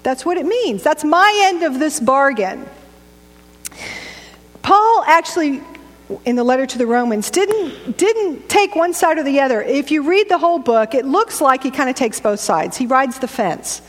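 A woman's voice: high-pitched, big pitch swings, normal speed. A middle-aged woman preacher giving a conversational, joking sermon in a church. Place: church sanctuary. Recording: echoey church hall.

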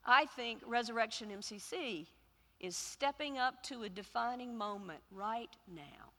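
A woman pastor preaching a sermon, telling a story with pauses and building to loud, emphatic repetitions. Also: fairly high pitch, expressive, in a large hall.

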